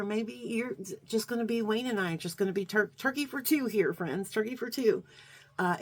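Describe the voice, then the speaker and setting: A woman vlogger with a slightly low voice talks straight to her viewers in a rambling, heartfelt chat. She is middle-aged, and she keeps stopping and restarting with um and uh. She sounds a little choked up with emotion. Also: creaky. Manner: rambling, warm, many fillers and restarts. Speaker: beauty vlogger.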